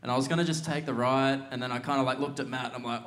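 A man's voice: medium pitch, fairly even intonation, racing, few pauses, fairly bright tone. A young Australian man, a surfer guest, telling stories in a laid-back way with frequent laughs. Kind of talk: casual podcast chat.

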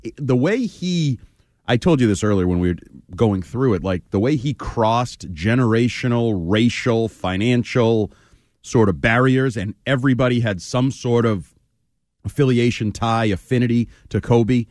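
A man's voice: mid-range voice, moderate pace, a little mellow, no echo, studio quality. A man co-hosting sports talk radio, blunt and scornful in his opinions.

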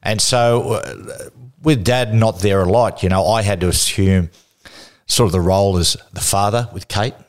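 A middle-aged Australian man, a guest in a casual interview, telling lively anecdotes and laughing through them. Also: on the low side, normal speed. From Newcastle, Australia.

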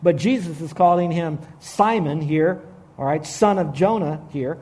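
Middle-aged guy preaching, fairly high voice, gets loud then drops real quiet. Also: a little slow. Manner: animated, swings from loud emphasis to hushed quoting. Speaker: pastor. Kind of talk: sermon.

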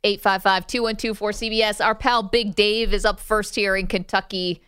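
A woman's voice: medium pitch, fairly even intonation, moderate pace, a bit bright, clear, resonant tone, no room sound, studio quality. A woman co-hosting a sports talk radio show, upbeat and playful in casual banter.

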